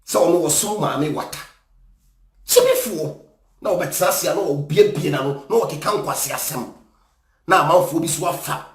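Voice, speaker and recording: A man's voice: a little high, moderate pace, roomy sound. A man with a Ghanaian accent, an evangelist, angrily ranting and insulting people in scornful commentary. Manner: scornful, insulting, mixes English and Twi.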